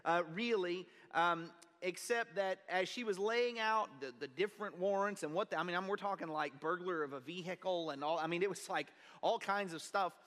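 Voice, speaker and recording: A pastor preaching a sermon, telling a personal story in an earnest, conversational way. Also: male voice, sits high, normal speed, hardly any pauses, fairly bright tone. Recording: long reverb of a large hall.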